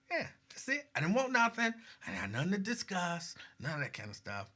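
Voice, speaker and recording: Man, very bright tone, slightly high voice, laid-back host, reads viewer comments. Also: huge pitch swings, a little fast, few pauses. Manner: laid-back, chatty, signs off with warm advice. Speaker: host of a live-streamed talk show. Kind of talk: casual chat reading viewer comments.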